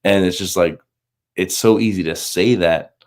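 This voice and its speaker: A man in his thirties with a low voice tells a personal story about faith in a loose, chatty way. He is full of fillers and restarts. He acts out the voices of the people in his story with animated bursts. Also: normal speed. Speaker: Marine recruiter.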